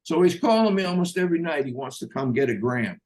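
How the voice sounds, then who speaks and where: A man's voice: fairly high pitch, sing-song, quick pace, a little mellow. An older man telling a personal story in a blunt, profane way, acting out the voices of the people he quotes. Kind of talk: casual storytelling.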